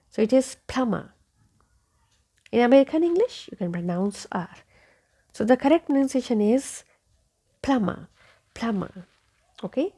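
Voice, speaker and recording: A woman with a fairly high yet darkish voice gives a slow English pronunciation lesson. She repeats each word several times and checks in with "okay?"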